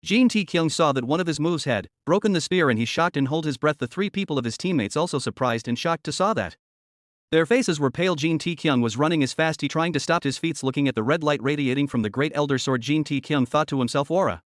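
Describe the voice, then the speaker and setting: Guy reading a comic recap, talks fast, slightly high voice, dry sound. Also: no room sound. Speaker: narrator. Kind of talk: story recap narration.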